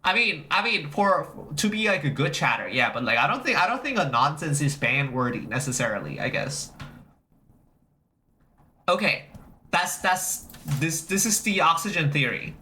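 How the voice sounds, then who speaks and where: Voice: mid-range voice, normal speed, slight background noise. A livestreamer in casual chat, rambling and repeating phrases, swearing freely and greeting viewers as they arrive. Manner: animated, reacting to chat.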